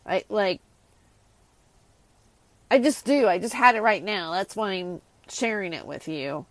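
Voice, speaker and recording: A woman's voice: mid-range voice, a little slow, no room sound. A woman hosting a casual solo rant, exasperated and sarcastic, rambling with many restarts. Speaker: host.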